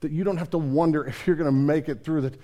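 A man's voice: on the high side, fairly even intonation, fast talker. Passionate man preaching a sermon. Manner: swings from hushed to loud emphatic questions. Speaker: pastor.

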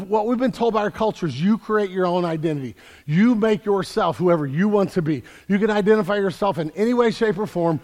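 A high-voiced man preaches with energy, doubling back on his words as he drives each point home. His voice carries a long reverb, as if filling a large church sanctuary. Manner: energetic, repeats words while building emphasis. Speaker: pastor. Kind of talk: sermon.

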